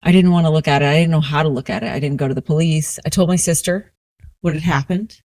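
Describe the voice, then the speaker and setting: A woman in her forties from New Orleans, a resilience coach telling her personal story as a podcast guest in a slow, reflective, earnest way. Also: deep voice, darkish tone, no room sound. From New Orleans, USA.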